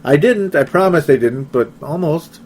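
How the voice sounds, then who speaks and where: A man's voice: fairly high pitch, lively intonation, normal speed, a little mellow. A young man hosting a casual sports talk show, rambling and laughing often as he reads listener comments. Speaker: podcast host.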